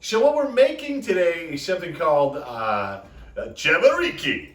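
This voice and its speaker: A man's voice: fairly high pitch, normal speed, slight background noise. A man in his forties co-hosting a home cooking show, chatting casually and joking. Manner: joking, animated. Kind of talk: casual chat. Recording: echoey room, mic at a distance.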